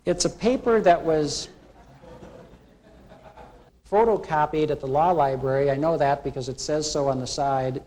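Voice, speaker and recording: A man's voice: on the high side, measured pace, pauses often. A middle-aged man giving a college classroom lecture, telling humorous restaurant stories and acting out the people in them. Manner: animated storytelling, acting out quoted characters. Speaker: college instructor. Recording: 1980s classroom video recording.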